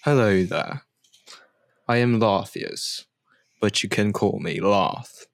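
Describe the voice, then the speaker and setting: A man's voice: fairly low pitch, slow, creaky, no room sound, clean studio sound, voice pushed down. A man voicing a snooty male drow villain in a vaguely German put-on accent, with grandiose, theatrical menace, as a tabletop character. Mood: smug.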